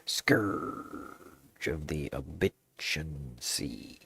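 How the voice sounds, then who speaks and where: A man voicing a boastful old male pirate captain in a put-on Southern drawl, reading a journal aloud with gruff, drawn-out delivery. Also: a bass voice, expressive, sharp tone, no room sound, heavily acted. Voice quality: gravelly, drawn-out pirate speech. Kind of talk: dramatic reading of an in-game journal.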